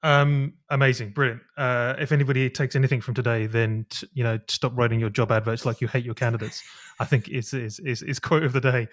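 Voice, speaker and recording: A man's voice: mid-range voice, fairly even intonation, brisk. A man hosting an interview, enthusiastic and prone to restarts as he praises his guest and sets up questions. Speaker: podcast host.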